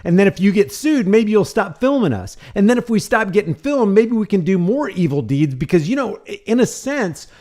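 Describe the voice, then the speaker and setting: A man's voice: high voice, very animated, normal speed, hardly any pauses, warm tone. A man hosting a commentary channel, reacting to a video with indignant, sarcastic remarks and rhetorical questions.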